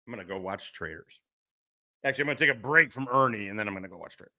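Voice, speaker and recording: A man's voice: fairly low pitch, lively intonation, racing, pushed and bright, no echo. A middle-aged man hosting a casual livestream, rambling, swearing and laughing often into a close mic. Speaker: livestream host.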